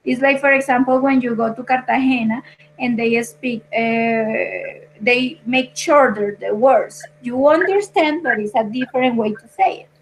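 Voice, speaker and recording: A high-pitched woman speaks with an American accent as she teaches an English lesson online. She explains patiently and slowly, giving plenty of examples. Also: a little hiss or hum, poor audio.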